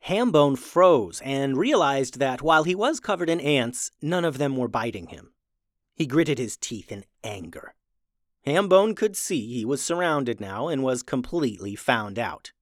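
A children's podcast host reading a storybook aloud in a lively, upbeat way. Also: medium pitch, unhurried, no echo, studio quality. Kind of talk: storybook narration.

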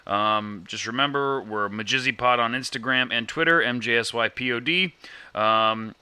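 A man's voice: on the low side, bright, forceful tone, clean tone, no echo. A man co-hosting a podcast, chatting casually and reading plugs with lots of fillers and jokes. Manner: rambling, many fillers, jokey. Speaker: podcast co-host.

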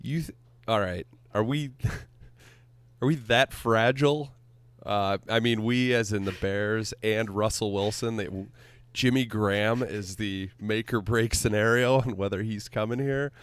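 A man's voice: fairly low pitch, unhurried, clean tone, dry recording. A man co-hosting a casual sports podcast, blunt and sarcastic, swearing freely. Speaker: podcast co-host.

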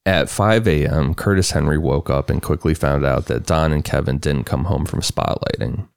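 A man's voice: rumbling low, moderate pace, vocal fry, smooth, dry recording, studio quality. A man co-hosting a true-crime podcast, retelling the case in a plain, matter-of-fact way. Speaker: podcast co-host narrating a case. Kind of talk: casual true-crime storytelling.

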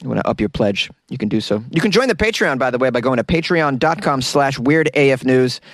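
A man's voice: mid-range voice, expressive, fairly quick, no room sound, clean studio sound. Joking, rambling podcast host man. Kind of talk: casual chat. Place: small closet studio.

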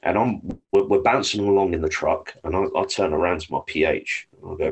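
A man's voice: deep voice, fairly quick, creaky, few pauses, breathy edge. An English man, a guest on a podcast, telling hunting stories in casual talk, swearing freely as he goes. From United Kingdom. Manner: swears freely, lively anecdotes. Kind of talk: casual storytelling.

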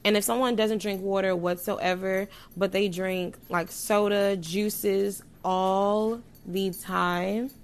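A woman vlogging to camera in a casual chat, frank and playful with slang and swearing, her loudness jumping up and down as she talks. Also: medium pitch, slow, few pauses. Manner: animated, sudden jumps in loudness. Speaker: vlogger giving sex advice.

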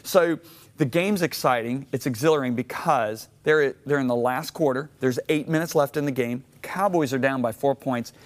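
A middle-aged man from Michigan, telling a personal story as a guest on an interview show, animated and acting out his own reactions. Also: medium pitch, moderate pace. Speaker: guest author.

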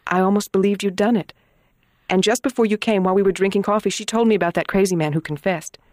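An earnest young schoolteacher woman, voiced by a performer in a dramatized audiobook. She asks direct, pressing questions at a middle pitch. The sound is dry and close. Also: fairly even intonation, fast talker, darkish tone, dry recording, lightly acted. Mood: earnest, curious.

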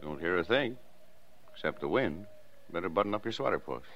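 A patient, teasing small-town dad. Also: male voice, low voice, animated, a little fast. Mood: humoring. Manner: soothing, indulgent, humoring. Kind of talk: 1940s radio acting. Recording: dull old radio broadcast.

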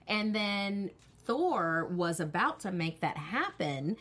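Animated woman podcast co-host. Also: mid-range voice, slow. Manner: animated, rambling, self-mocking. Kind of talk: casual chat.

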